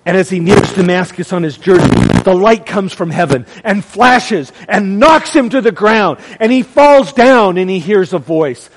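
High-voiced dramatic male preacher. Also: animated, normal speed, hardly any pauses, in a large hall. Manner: dramatic, swings from loud to hushed; calls to the congregation. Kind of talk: sermon.

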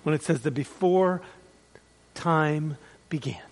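Slow, dramatic male preacher. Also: on the high side, slight background noise, rough recording. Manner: dramatic, swings between loud peaks and hushed drops. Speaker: pastor. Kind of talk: sermon. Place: church.

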